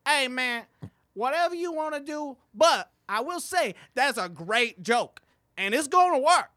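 A high, bright voice of an insistent fellow comic who keeps repeating his point, as a man puts him on. He sounds friendly but pushy, with lively swings in pitch. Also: unhurried, heavily acted. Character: fellow male open-mic comic, earnest, insistent.

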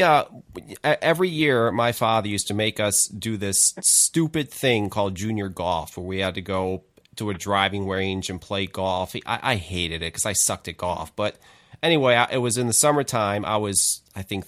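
A man's voice: fairly low pitch, moderate pace. A man, hosting a casual chat and telling stories with frequent laughter. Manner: animated, laughs often while telling stories. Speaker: podcast host.

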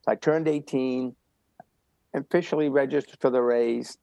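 A man's voice: medium pitch, steady tone, normal speed, gravelly, dark tone, no room sound, muffled recording. An older man telling motivational running stories in an interview, emphatic and repetitive. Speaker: guest runner. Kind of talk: storytelling interview.

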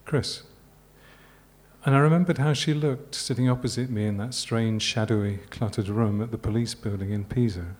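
A man from Yorkshire, an author reading his novel aloud at a live literary event in a measured, unhurried way. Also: medium pitch, steady tone, darkish tone. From Yorkshire, England.

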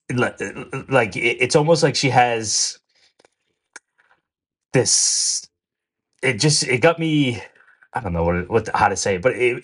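A man talking in a rambling, animated way in a casual podcast chat, swearing now and then. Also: medium pitch. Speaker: podcast co-host.

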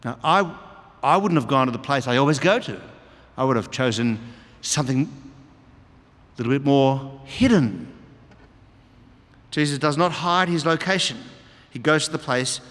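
Preacher, male, slightly high voice, long church reverb, expository sermon delivery with repeated key phrases. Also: a bit bright. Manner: expository, reads and explains scripture with emphatic repetition. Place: church hall.

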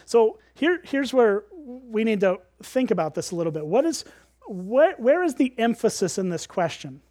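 In a high, light voice at normal speed, a man leads listeners through a Bible passage with a relaxed teaching manner. He often poses rhetorical questions and checks in with them. The audio is close and dry, without room echo.

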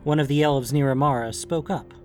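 A man narrating a fantasy audiobook with expressive storytelling. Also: on the high side, a little fast, faint music behind. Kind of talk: scripted narration.

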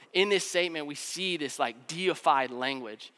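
A man with a high, bright and smooth voice preaching a sermon. He talks in an easy, conversational way, with casual fillers throughout. His voice carries a long reverb from a large hall. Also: moderate pace, few pauses.

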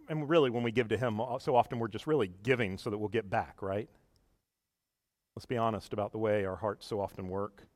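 A man preaching a sermon in a conversational way, often asking the congregation questions and dropping his voice low for asides. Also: no room sound, clean studio sound. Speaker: pastor.

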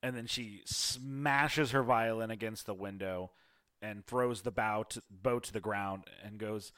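A man's voice: lowish voice, fairly even intonation, moderate pace, a bit bright. A man narrating a tabletop game as game master in a casual, hesitant way. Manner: casual, hesitant, with many fillers.

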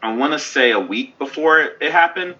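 A man chats casually on a gaming podcast, ranting with lively asides. His voice is very bright and a bit husky. The audio is somewhat dull and lo-fi. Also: on the high side. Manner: animated, ranting, quick asides. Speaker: podcast co-host. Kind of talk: casual chat.

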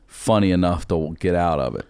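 A man on a podcast as a guest comedian, chatting casually and throwing in quick jokes. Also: sits low, darkish tone, smooth, dry recording, studio quality. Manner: quick joking interjections. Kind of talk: casual chat.

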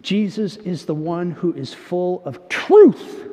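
A man preaching a sermon as pastor, earnest, moving between emphatic and hushed delivery. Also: high-pitched, sing-song, slow pace, hardly any pauses. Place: church sanctuary. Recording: dull sound with long church reverb.

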